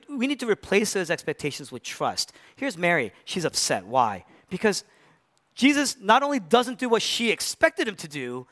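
A man delivers a sermon in a lively, somewhat high voice that rises and falls constantly. He moves between forceful emphasis and hushed, near-whispered lines, and acts out the quoted voices of figures from the story. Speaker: pastor.

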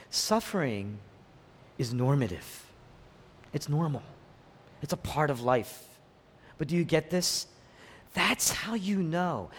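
A male pastor preaching a sermon, emphatic, repeating key phrases and swinging from hushed to raised. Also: fairly high pitch. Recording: long reverb of a large hall.

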